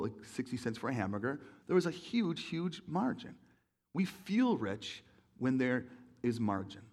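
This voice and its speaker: A young man preaching a sermon in an auditorium, telling stories in an animated way and acting out voices. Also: fairly high pitch. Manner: animated storytelling, acts out voices, laughs along. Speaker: pastor.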